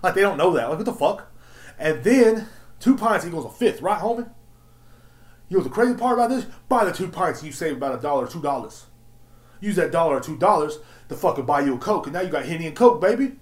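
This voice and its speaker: Male podcast host, solo rant: slangy, swears freely, slightly high voice, roomy echo. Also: quick pace. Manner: animated, swearing, slangy ranting.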